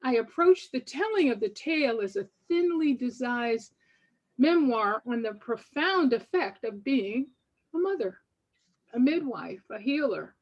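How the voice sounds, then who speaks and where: Older woman author sharing her writing with listeners; a measured, devout, reflective read, slightly high-pitched, recorded on muffled audio. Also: animated. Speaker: poet and author. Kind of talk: reading from her book to an audience.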